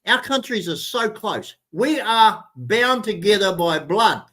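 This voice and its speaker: A man's voice: high voice, animated, a little slow, pushed and bright, poor audio. An older man from New Zealand with a New Zealand accent, ranting bluntly and swearing in a casual chat he co-hosts. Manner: blunt, swearing, heated rant. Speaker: show co-host.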